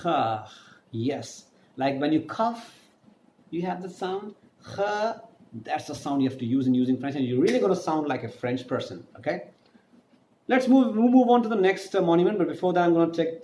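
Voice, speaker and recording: A man's voice: on the high side, a little mellow, a little hiss or hum. A man teaching an online French lesson, spelling words letter by letter and drawing out each pronunciation. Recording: echoey room with faint ambience.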